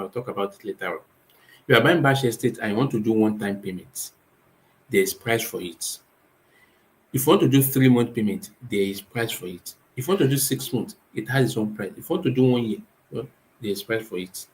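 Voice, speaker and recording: A man's voice: mid-range voice, low-quality recording. Nigerian man, emphatic advice talk. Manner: emphatic, asks rhetorical questions and answers them himself. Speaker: real estate company owner.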